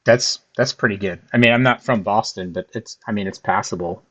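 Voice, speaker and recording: A man's voice: on the low side, brisk, a bit bright. A man from the Philadelphia area, chatting casually with frequent restarts and easy laughs. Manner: hesitant, restarts often, laughs easily. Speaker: host. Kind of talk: casual chat.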